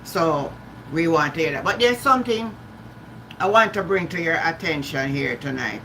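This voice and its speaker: A woman's voice: low-pitched, lively intonation, moderate pace, sharp tone, slight background noise, rough recording. A Jamaican woman hosting a live stream, chatting casually, greeting viewers by name and slipping into patois. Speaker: livestream host.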